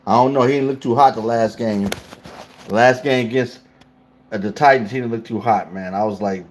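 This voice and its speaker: A man's voice: medium pitch, fairly quick, a little mellow, slight background noise. A man hosting a casual livestream, talking loosely and in slang straight to his chat. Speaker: livestream host.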